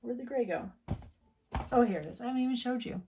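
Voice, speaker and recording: This chatty middle-aged woman runs a needlework shop in the US and rambles in casual conversation, frequently breaking off mid-thought. She talks fast in a slightly high voice with a dark tone, and there's a little hiss or hum.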